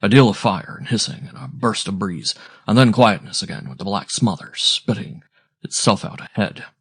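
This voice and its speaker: A man voicing a weathered ship captain who talks in calm, plain-spoken seaman's dialect. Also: on the low side, moderate pace, husky.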